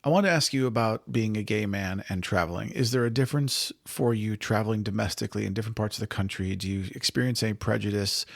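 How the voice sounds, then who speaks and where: A man's voice: fairly low pitch, fast, vocal fry, hardly any pauses, no echo, clean studio sound. A man hosting an interview, asking direct questions in a conversational way. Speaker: podcast host.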